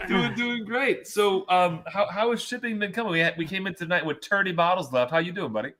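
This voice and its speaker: A man co-hosts a whiskey livestream, rambling through jokes with deadpan asides. His voice is bright and forceful and sits a little high for a man. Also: a little fast. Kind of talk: casual livestream banter.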